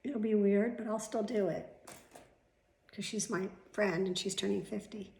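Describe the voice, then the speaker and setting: A middle-aged woman talks to her camera at home in a loose, rambling way, drifting from one aside to the next and swearing now and then. Her voice sits at an ordinary, middling pitch. The room around her sounds echoey. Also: steady tone, a little slow, vocal fry, darkish tone. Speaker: vlogger. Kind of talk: casual chat to camera.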